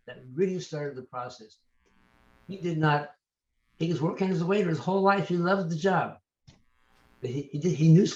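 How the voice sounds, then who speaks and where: An older man, an author, telling lively anecdotes as an interview guest, often restarting his sentences. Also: on the high side, roomy sound, muffled recording. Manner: animated, anecdotal, trails off and restarts. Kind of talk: storytelling interview answers.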